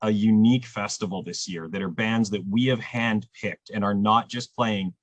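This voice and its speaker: Animated, husky-voiced man. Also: moderate pace, no room sound, dull audio. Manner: animated storyteller, jumps pitch when quoting others. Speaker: festival programmer. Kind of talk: casual podcast chat.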